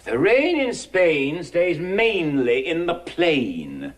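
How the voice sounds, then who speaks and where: A man's voice: a little high, big pitch swings, moderate pace. An actor playing an exacting, impatient male phonetics professor who drills his pupil with precise, hectoring diction in a musical film. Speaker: speech tutor drilling a pupil. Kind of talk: 1960s musical film acting.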